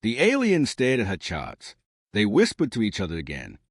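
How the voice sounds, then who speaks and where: A man narrates a story in a plain, steady storytelling manner, with a low voice that rises and falls widely. The recording is dry and close, with no room sound. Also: moderate pace, no echo.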